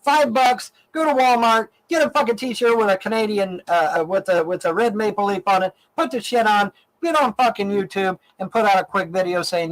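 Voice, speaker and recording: A man's voice: high voice, moderate pace, hardly any pauses, rough recording. A middle-aged man from Ohio ranting angrily in a profane, repetitive stream monologue. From Ohio, USA. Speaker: online show host in archived clip.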